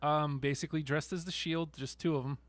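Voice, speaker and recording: A man's voice: a little high, steady tone, a little fast, no room sound. A man co-hosting a casual podcast, recapping wrestling with sarcastic jokes and silly put-on voices. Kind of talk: casual chat.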